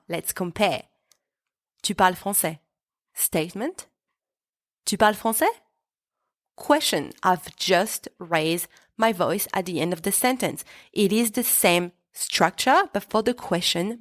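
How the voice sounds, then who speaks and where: Woman, podcast language teacher, patient clear explaining, mid-pitched voice, dry close sound. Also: no echo. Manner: clear, patient explaining with spoken French examples. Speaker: French teacher and podcast host. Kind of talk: scripted podcast lesson.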